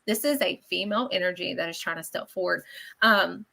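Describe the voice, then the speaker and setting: A woman giving psychic readings on a live radio show, chatty and animated, often checking in with the listener. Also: on the low side, a little fast, creaky.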